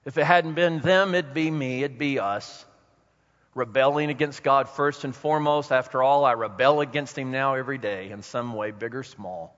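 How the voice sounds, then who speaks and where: A male pastor preaching a sermon with dramatic pauses, swinging between soft and loud emphasis, in a church hall. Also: mid-range voice. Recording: dull recording in a reverberant hall.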